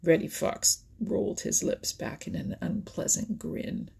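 Slow, husky woman reading a storybook. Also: lowish voice, fairly even intonation. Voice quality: husky, gravelly. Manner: soft, often whispery delivery. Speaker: narrator. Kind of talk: storybook narration.

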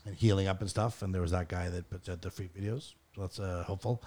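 A man co-hosting a podcast in casual chat, often halting and trailing off. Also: low voice, fairly even intonation, a little mellow. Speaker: podcast co-host.

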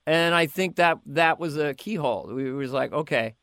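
A male comedian chatting in an interview, lively and quick to slip into impressions. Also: on the high side, smooth, no echo. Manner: animated, slips into quick impressions and sings snatches. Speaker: comedian guest. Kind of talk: casual interview chat with impressions.

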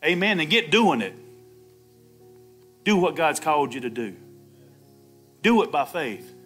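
Soft music plays behind a pastor preaching on Easter, his voice fairly high and bright, very animated though a little slow. Laughing often, he shouts "Amen" and performs the Bible characters' lines himself.

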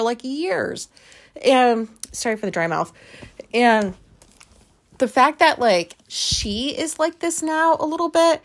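A woman podcaster telling a personal story in a candid, chatty way, swearing freely and often breaking into laughter. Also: high voice.

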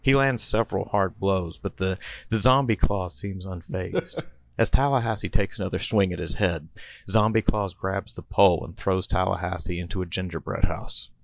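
A man's voice: low voice, normal speed, gravelly. A man and podcast host reading out a comedy story in a playful storytelling manner. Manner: playful storyteller, chuckling between bits.

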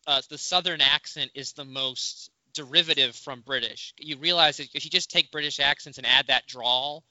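A man's voice: a little high, moderate pace, bright, forceful tone, dry recording, muffled recording. A man hosting a podcast, chatting casually and joking with his guest. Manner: joking, teasing. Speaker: podcast host.

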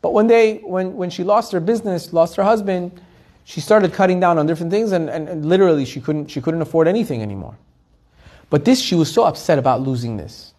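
A man with a slightly high voice tells a story in a weekly Torah class. He talks fast and animated, restarting phrases and repeating words as he goes. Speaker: Torah teacher.

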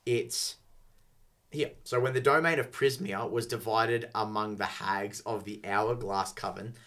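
A man with a fairly low voice hosts a relaxed podcast chat. He reads game-book passages aloud, often stumbling and restarting as he goes. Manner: chatty, halting restarts when reading. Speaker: podcast host.

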